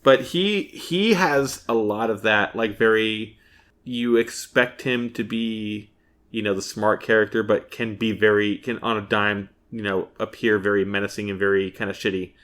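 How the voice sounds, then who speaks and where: A man's voice: lowish voice, normal speed, fairly bright tone. A man as a podcast guest in casual chat, easygoing and a bit hesitant. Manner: easygoing, explains picks with some hesitation.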